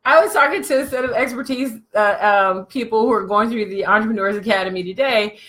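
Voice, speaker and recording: A woman business coach telling a comic story in a slangy, animated way, laughing often. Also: a little high, brisk.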